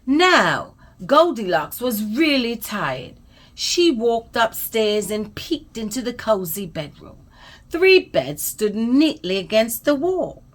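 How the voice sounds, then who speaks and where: A woman storyteller reading a children's bedtime story aloud in an expressive, soothing way. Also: on the high side, slow. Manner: expressive, soothing, trailing into soft whispers at the close.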